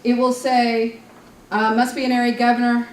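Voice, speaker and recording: A woman from New York leads a club training session in a fairly high voice, joking and storytelling as she goes. Her voice is picked up by a mic some distance away, so it sounds roomy. Faint room noise sits underneath. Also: flat delivery, normal speed, darkish tone. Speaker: leadership training presenter.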